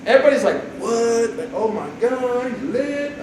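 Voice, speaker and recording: A man giving a casual, humorous religious talk to a campus group, animated and jokey, acting out quotes. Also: extremely high pitch, normal speed. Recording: echoey hall from far off, noisy.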